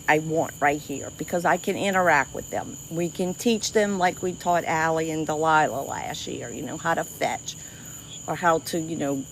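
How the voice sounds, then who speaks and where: A livestream host from South Louisiana, speaking with a Cajun accent in a voice that sits low, chats casually with viewers outdoors by a swamp river at night. There's slight background noise. She's chatty and quick to laugh, with many restarts and frequent "y'all."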